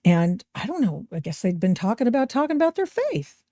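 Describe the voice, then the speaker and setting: A woman's voice: on the high side, fairly quick, dry recording, studio quality. A middle-aged woman hosting a podcast, giving opinionated, sarcastic commentary over video clips. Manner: sarcastic, animated, mocking voices she quotes. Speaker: podcast host.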